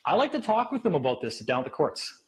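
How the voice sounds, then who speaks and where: Man, husky voice, fast and animated, casual storytelling, acts out quotes. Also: fairly high pitch, rough recording. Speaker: speaker at a meeting.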